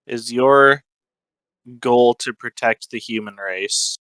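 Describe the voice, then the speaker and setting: Male player in character, bright voice, dry close sound, playful. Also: mid-range voice, slow pace, no echo, poor audio. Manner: joking, laughs easily. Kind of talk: casual in-character role-play.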